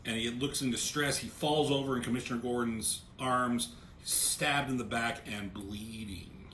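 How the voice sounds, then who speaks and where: A man's voice: medium pitch, fairly even intonation, normal speed, a bit bright. A man reviewing a comic book in a casual way, walking through the pages and reading the panel lines aloud, often repeating words as he starts a thought. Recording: roomy echo, faint ambient noise.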